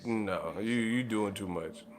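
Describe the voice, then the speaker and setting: Male channel host, casual storyteller, animated and profane, laughs often. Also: lowish voice, takes it slowly.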